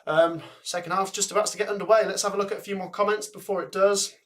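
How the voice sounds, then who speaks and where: A young man with a Coventry accent hosting a live football watchalong, chatting and reading viewer comments and predictions out briskly. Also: sits high, steady tone. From England. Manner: chatty, reads out names and scores briskly.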